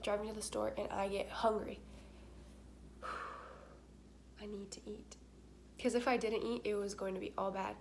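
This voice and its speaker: Chatty young woman vlogging, higher voice. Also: slight background noise. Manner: chatty, candid, frequent filler words. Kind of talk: casual chat to camera.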